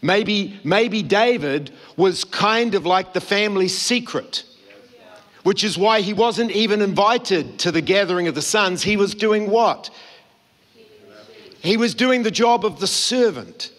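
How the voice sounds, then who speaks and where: A man's voice: high-pitched, lively intonation, a little slow, fairly bright tone. A man preaching a sermon, telling the story and acting out the quoted voices. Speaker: pastor. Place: church hall.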